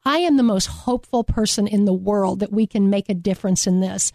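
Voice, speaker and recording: A woman's voice: mid-range voice, a little fast, gravelly, mellow, dry recording, studio quality. A woman guest from a domestic violence agency, speaking passionately and emphatically in a radio interview and repeating her key phrases. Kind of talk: earnest radio interview talk.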